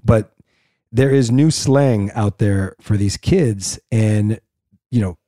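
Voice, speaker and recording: Male co-host, low mellow voice, easygoing and teasing. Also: takes it slowly, dry recording, clean studio sound. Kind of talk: casual podcast chat.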